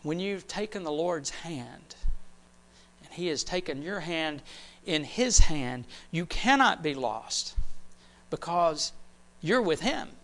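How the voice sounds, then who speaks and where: Slow, bright-voiced man preaching a sermon. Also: fairly high pitch. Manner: animated preaching, drops to near whisper for emphasis, repeats phrases. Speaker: pastor.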